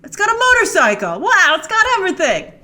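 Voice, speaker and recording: With a very high, bright, forceful voice that swings hugely in pitch, this film trailer reviewer speaks briskly. She hosts a playful, chatty breakdown over the trailer, full of thinking-aloud asides.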